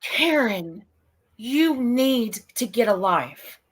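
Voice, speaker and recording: A woman's voice: on the high side, animated, very slow, slightly rough. Scornful woman mocking a rival on stream, voice swinging up and down. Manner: taunting and scornful. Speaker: streamer on a panel. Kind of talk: heated livestream argument.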